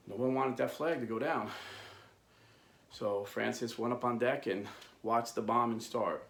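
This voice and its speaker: A man hosting a video, telling a historical story in an animated, emphatic way. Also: medium pitch, measured pace, creaky, long pauses, echoey room. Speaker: video host. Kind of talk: impassioned storytelling.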